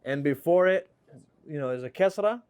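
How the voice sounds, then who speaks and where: A man teaching an Arabic class, explaining and joking with his students in a relaxed way. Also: on the high side, normal speed, smooth. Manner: relaxed, joking, explains by reading examples aloud.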